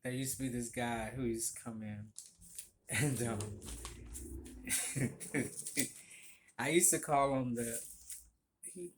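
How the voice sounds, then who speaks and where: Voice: medium pitch, steady tone, takes it slowly, long pauses, slight background noise. A former barista telling a story in a chatty, gossipy way, laughing often and swearing casually.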